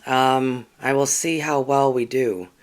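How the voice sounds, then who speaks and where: A spiritual channel host reads oracle cards on a casual livestream, chatting earnestly to viewers and rambling with frequent ums and restarts. The voice is mid-range, steady in tone, and slow-paced.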